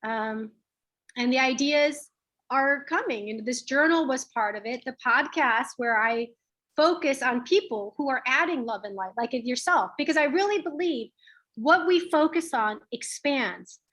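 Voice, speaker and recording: Earnest higher-voiced woman guest. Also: lively intonation, measured pace, a bit bright. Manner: earnest, reflective, with fillers. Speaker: lawyer and guest. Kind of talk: personal storytelling in an interview.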